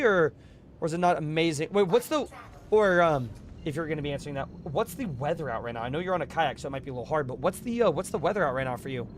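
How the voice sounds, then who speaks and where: A young man streaming a space game live, chatting casually with his viewers, his voice a bit strained from yelling, with bursts of excitement. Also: on the high side, quick pace, slight background noise. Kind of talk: casual live gameplay commentary.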